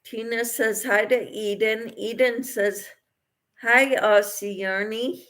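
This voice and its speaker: Slow, relaxed woman crocheting on a livestream. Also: a little high. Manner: slow, relaxed, reads viewer comments and answers them. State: getting tired late at night. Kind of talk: casual livestream chat, reading comments aloud.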